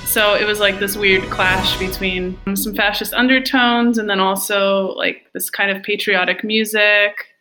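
A woman's voice: mid-range voice, fairly even intonation, unhurried, hardly any pauses, bright, forceful tone, soft background music. A young woman co-hosting a podcast, reading prepared analysis of a film with casual fillers. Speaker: podcast co-host.

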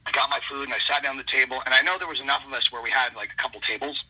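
A man's voice: medium pitch, steady tone, rapid-fire, pushed and bright, breathy edge. A man, a wrestler, telling a rambling casual anecdote with lots of restarts, on a muffled lo-fi line. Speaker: wrestler guest. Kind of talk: casual storytelling.

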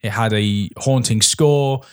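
A man's voice: mid-range voice, takes it slowly, a little mellow, smooth. A man co-hosting a casual film review chat, rambling with frequent restarts and hesitations. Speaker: podcast co-host.

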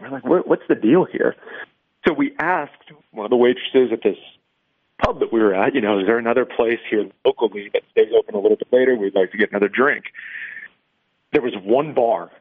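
A man's voice: mid-range voice, slightly rough. A man calling in as a radio show guest, chatting through a long anecdote and laughing along. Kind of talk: casual radio chat. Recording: tinny phone line.

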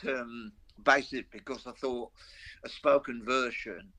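A man's voice: medium pitch, steady tone, normal speed, bright, forceful tone. Chatty older man with Black Country accent. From Black Country, English Midlands. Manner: chatty, rambling anecdotes with self-mocking humour. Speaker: veteran rock guitarist, interview guest. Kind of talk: casual interview chat.

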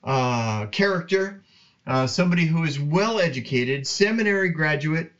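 A man hosting a Bible podcast, talking slowly in a casual, rambling way, with many restarts. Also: on the high side, lively intonation, a bit bright, highs cut off. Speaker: podcast host. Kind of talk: casual Bible teaching monologue.

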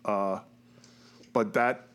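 A man's voice: on the low side, fairly even intonation, drawn-out words, a bit bright, clear, resonant tone. Blunt guy on a podcast, swears, trips over his words a bit. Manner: blunt, swears, hesitant restarts. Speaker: podcast co-host. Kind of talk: casual chat.

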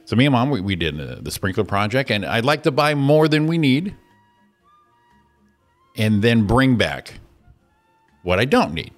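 A man's voice: mid-range voice, measured pace, pauses often, soft background music. A man hosting a morning radio show, telling an exasperated, profane story and acting out the people in it. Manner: exasperated, profane storytelling with animated quoted voices. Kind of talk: casual ranting chat.

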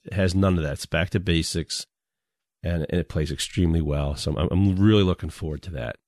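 A man co-hosting a casual podcast, telling stories in a relaxed way and chuckling often. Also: deep voice, fairly quick, no room sound, studio quality. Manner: laid-back storyteller, chuckles often. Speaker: podcast co-host.

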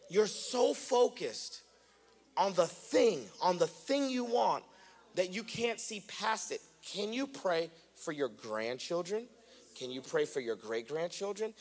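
A man preaching in a church sanctuary, his voice sitting a little high. He talks in a loose, self-mocking way, then builds into loud, animated preaching. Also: measured pace. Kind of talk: sermon.

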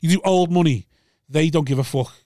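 Quick, blunt Scouse man. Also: a little high, warm tone, no echo, studio quality. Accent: Liverpool. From Liverpool. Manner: quick, blunt and swearing, with lots of restarts. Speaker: comedian. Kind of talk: casual podcast chat.

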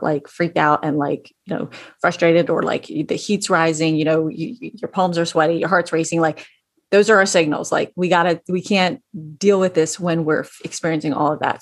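A middle-aged woman in casual advice talk, speaking as a school educator to parents, chatty with many fillers and restarts. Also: fairly low pitch.

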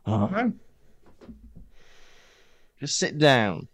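A Welsh man in casual podcast chat, his pitch rising and falling freely as he jokes and tells stories. The sound is close and dry, with no room around it. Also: extremely slow, no room sound. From Wales. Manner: joking, animated storytelling. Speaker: podcast co-host.

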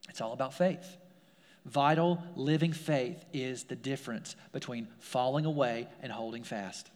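A man's voice: medium pitch, a little slow, darkish tone, big-room sound. A man, a pastor, preaching a sermon in a casual, conversational way, full of fillers and repeated phrases. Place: church sanctuary.

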